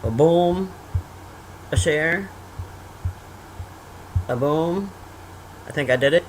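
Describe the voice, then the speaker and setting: A woman casually recapping a movie for viewers in an animated, slangy, blunt way, full of fillers and exclamations, talking at a computer while sharing her screen. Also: sits low, extremely slow, slight background noise, low-quality recording. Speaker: movie reviewer. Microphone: screen-sharing at a computer, desk mic.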